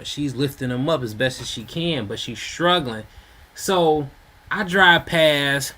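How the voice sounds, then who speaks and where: A man's voice: mid-range voice, bright, forceful tone. A man telling a street story in a loose, rambling way, full of slang and fillers. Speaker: storyteller host. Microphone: home mic.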